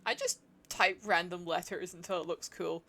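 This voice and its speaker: A woman's voice: fairly low pitch, fairly even intonation, normal speed, bright, forceful tone. A chatty, giggly woman, musing aloud as she streams herself playing a game. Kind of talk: casual live-stream chat while gaming.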